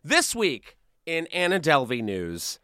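A man's voice: fairly high pitch, wildly swooping pitch, slow, sharp tone, no echo, clean studio sound. A man hosting a comedy news podcast, chatting casually and sarcastically, often breaking into laughter. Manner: sarcastic, laughing, mocking voices. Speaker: podcast host.

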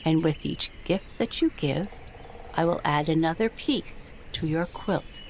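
A patient, gentle quilt maker from a storybook, as a woman reading aloud plays her. She speaks calmly and unhurriedly, in a slightly low voice. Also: unhurried, a little hiss or hum.

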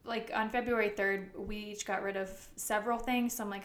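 A woman co-hosting a podcast in casual chat. She talks fast and fills her pauses with ums. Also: medium pitch, reverberant. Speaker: podcast co-host.

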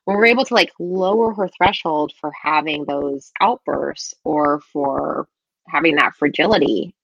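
Lively woman co-host, dry close sound. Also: low-pitched, measured pace, vocal fry, dry recording, lo-fi sound. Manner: animated, laughs often, lots of "like" fillers. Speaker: podcast co-host. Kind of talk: casual conversational chat.

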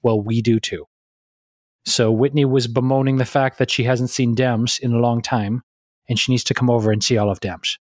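A man's voice: mid-range voice, steady tone, moderate pace, no room sound, studio quality. A man co-hosting a podcast, chatting casually and playfully with a co-host on a remote call. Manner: playful, breaks into silly pet voices.

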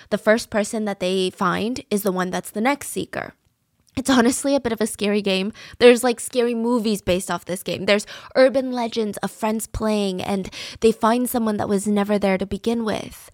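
A young woman narrating true crime in a chatty, conversational podcast style, full of casual asides. Her voice sits at an ordinary middle pitch, recorded close and dry with no room sound. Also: no echo. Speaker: podcast host.

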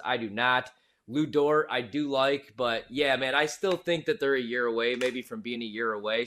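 A man's voice: mid-range voice, fairly bright tone. A man co-hosting a sports podcast who gives his opinions in a casual, slangy way. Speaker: podcast co-host.

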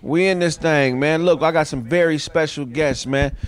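A man's voice: on the high side, normal speed. A man hosting a casual comedy show, talking in a laid-back, drawling way. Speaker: show host.

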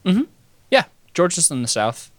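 An American man talking through his thoughts in a relaxed podcast chat, hedging with fillers as he goes. His pitch sits mid-range and moves a lot. The mic sound is dry and close. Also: moderate pace, no room sound. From United States. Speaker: podcast co-host. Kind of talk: casual chat.

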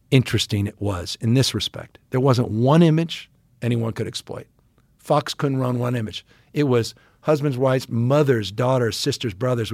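A middle-aged man with a gravelly, rough edge to his voice tells a long, emphatic story as a podcast guest. He circles back, restarts his sentences and leans on fillers. The sound is close and dry, with no room around it. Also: mid-range voice, dry recording. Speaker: politician guest.

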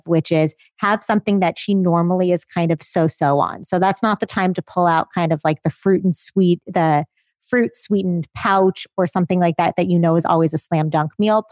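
Female co-host, lower voice, dry close-mic sound, practical and reassuring. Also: darkish tone, dry recording. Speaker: podcast co-host, feeding expert. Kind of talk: advice podcast.

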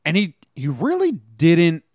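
A man's voice: on the high side, wildly swooping pitch, a little slow, darkish tone, dry recording, clean studio sound. A man co-hosting a casual sports podcast, telling stories animatedly and acting out players' lines. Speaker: podcast co-host.

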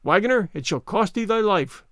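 Storybook sparrow, small and vengeful, taunting sing-song lines, high and lively, read by a man. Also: normal speed, dry recording, clean studio sound. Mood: menacing. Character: mocking vengeful little sparrow.

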